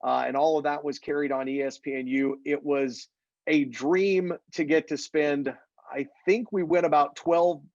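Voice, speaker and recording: A man's voice: fairly high pitch, no room sound, highs cut off. A man who works as a play-by-play announcer, chatting in an interview and acting out the people in his stories. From Missouri. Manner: animated storyteller, acts out quotes. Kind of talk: casual interview chat.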